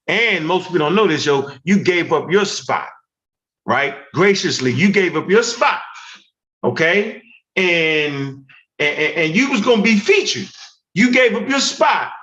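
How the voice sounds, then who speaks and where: Animated Baltimore man on a lo-fi call. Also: medium pitch. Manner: animated, profane, talks in bursts with tag questions. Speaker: podcast host. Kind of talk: casual heated chat.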